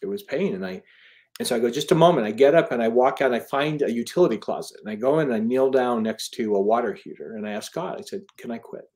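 A man's voice: mid-range voice, fast talker, a little mellow. A middle-aged man, an author being interviewed, telling a personal story earnestly, with frequent restarts and quoted dialogue.

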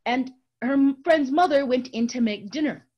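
A woman storyteller telling a story to an audience, swinging between bright raised tones and hushed near-whispers and speaking to listeners directly. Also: high-pitched, moderate pace, highs cut off. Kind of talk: oral storytelling lecture.

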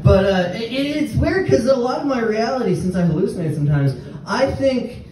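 A young man doing a rambling stand-up set with halting restarts and nervous laughs before a small live audience. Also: very high voice, lively intonation. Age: young adult. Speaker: stand-up comedian. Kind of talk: open-mic stand-up set. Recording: very echoey room, distant mic, faint noise.

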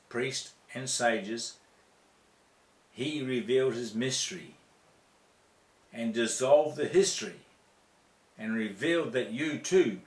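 A man preaching an impassioned spiritual sermon into a handheld mic, rhythmic and repetitive, leaping to sudden high exclamations. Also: reverberant.

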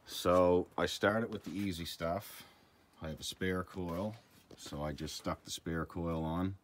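A man with a deep, low-pitched voice walks viewers through a repair in a casual, plain-spoken way. He rambles a little and adds fillers as he goes. A faint hum of noise sits behind him. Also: fairly even intonation, a little slow. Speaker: channel host showing car diagnostics. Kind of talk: casual how-to walkthrough.

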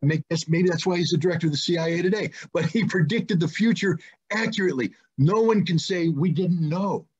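Middle-aged man, husky, pitched a bit high, emphatic and insistent, lo-fi video call audio. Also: fairly quick, darkish tone. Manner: emphatic and insistent, repeats key points. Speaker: guest, former weapons inspector. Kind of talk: conversational explanation in an online discussion. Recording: muffled lo-fi online call audio.

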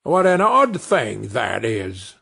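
A man voicing a sly, greedy stranger in a read-aloud fairy tale, speaking slowly and scheming. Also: medium pitch, wildly swooping pitch, creaky, sharp tone, breathy edge, voice pushed down, heavily acted.

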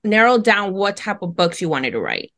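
A woman's voice: mid-range voice, big pitch swings, moderate pace, a bit bright. A woman hosting a book podcast, asking questions in an enthusiastic, chatty way. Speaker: podcast host. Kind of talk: casual podcast interview.

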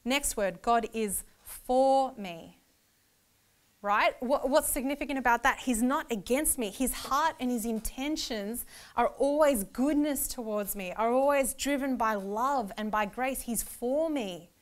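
A woman giving an earnest church lecture on Bible meditation, stressing key words again and again, and laughing easily when she gets excited. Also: sits high, moderate pace. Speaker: Bible teacher.

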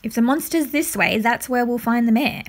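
A woman reading a storybook aloud, voicing a confident boy hero who talks in a steady, reassuring way. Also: fairly high pitch, normal speed. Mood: determined.

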